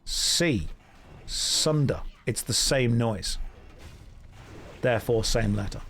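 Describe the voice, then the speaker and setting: A man's voice: mid-range voice, takes it slowly, fairly bright tone, slight background noise. A man in his thirties chatting casually and joking with his chat while streaming a game. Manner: joking, self-mocking storyteller reacting to chat.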